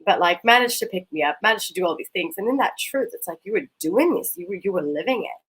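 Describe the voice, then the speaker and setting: Woman co-host, animated and effusive, low and a little husky. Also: quick pace, low-quality recording. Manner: animated, gushing, swears casually. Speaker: co-host leading a coaching exercise. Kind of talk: casual chat.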